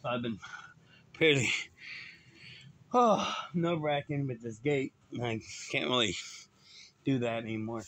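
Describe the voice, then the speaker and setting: A man talking casually to his viewers, drifting from one thought to the next. His voice sits at an ordinary middle pitch, and he speaks in a loose, rambling way. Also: unhurried, long pauses, fairly bright tone. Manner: rambling, talks straight to viewers. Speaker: vlogger.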